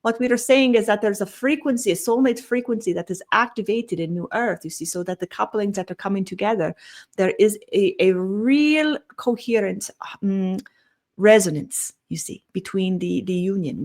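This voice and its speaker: This is a channeled spiritual talk from a woman of medium pitch, slow and meandering in delivery. She drops in "mm" hums between phrases, closes almost every idea with "you see," and lets her phrases trail away quietly.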